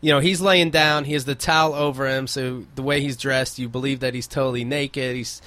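A man's voice: medium pitch, steady tone, fairly quick, pushed and bright, no echo. A man hosting a casual talk show, joking and swearing as he acts out quotes from a story. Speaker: host. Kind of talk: casual chat.

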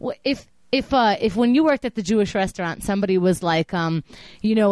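A young woman co-hosting a casual podcast, telling a story with lively acted-out quotes and frequent laughter. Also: mid-range voice, fairly quick, no room sound. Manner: animated storyteller, acts out quotes, laughs often. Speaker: co-host.

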